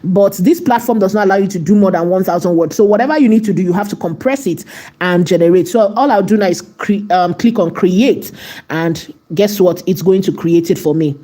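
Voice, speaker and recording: A woman's voice: mid-range voice, brisk, warm tone. A woman hosting a live tutorial, chatting to her viewers as she walks through steps and often checking in with "right?". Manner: chatty, often asks "right?" and talks to the chat. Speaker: AI video tutorial host.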